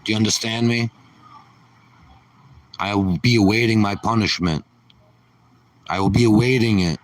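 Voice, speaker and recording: Low-voiced guy rambling and swearing on a chill stream, sarcastic, mic kinda far away. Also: fairly even intonation, moderate pace. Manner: sarcastic, profane rambling rant. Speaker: livestream host. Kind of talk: casual ranting livestream.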